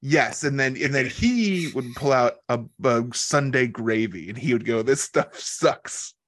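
A man's voice: mid-range voice, lively intonation, moderate pace, fairly bright tone, no echo. Man rambling through a story. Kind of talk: casual chat, storytelling.

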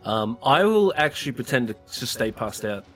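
A man's voice: mid-range voice, sing-song, normal speed, fairly bright tone, soft background music. A man playing a tabletop game, describing his character's moves in a hesitant way, with many fillers. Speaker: player.

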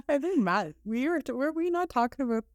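A woman's voice: high voice, expressive, moderate pace, dry recording, studio quality. A woman hosting a casual podcast chat, chiming in with sympathetic, relatable remarks.

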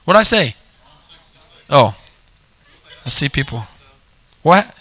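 A man preaching with a very bright, ringing voice that sits a bit high for a man. He stretches scripture out slowly and fires short questions at the church, answering each one himself. The sound is dry and close. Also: big pitch swings, no room sound. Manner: call-and-response preaching, drawn-out scripture reading. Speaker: pastor. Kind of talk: sermon.

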